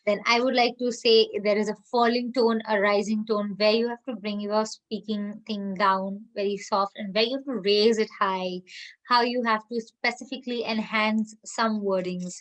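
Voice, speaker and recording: A woman college lecturer with an Indian English accent, giving an emphatic, opinionated classroom lecture and slowing down to stress key terms. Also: mid-range voice, fairly even intonation, rough recording.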